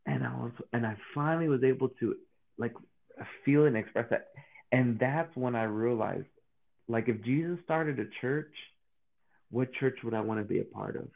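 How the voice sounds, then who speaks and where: Male guest, animated storyteller, phone-quality audio. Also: mid-range voice, normal speed, gravelly. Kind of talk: casual faith interview. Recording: tinny phone-like line.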